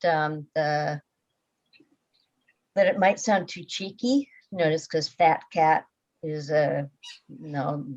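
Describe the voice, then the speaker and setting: Low, slow-talking woman in a workshop. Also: a little mellow, muffled recording. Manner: thoughtful, hesitant. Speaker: workshop participant. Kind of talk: casual discussion.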